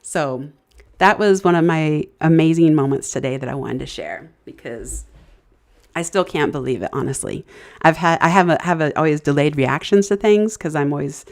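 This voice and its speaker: A woman's voice: sits low, moderate pace. A middle-aged woman hosting a casual live stream, telling a story in a chatty, rambling, emotional way. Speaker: livestream host.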